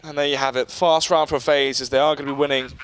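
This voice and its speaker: A man casting an esports match as play-by-play commentator, quick and joking. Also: mid-range voice, steady tone, a bit bright, smooth. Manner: quick, joking, laughs often. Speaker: esports caster.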